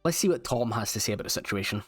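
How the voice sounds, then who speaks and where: A man's voice: on the low side, lively intonation, rapid-fire, faint music behind. A man narrating his game progress in a casual voice-over, wry and self-mocking. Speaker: gaming YouTuber.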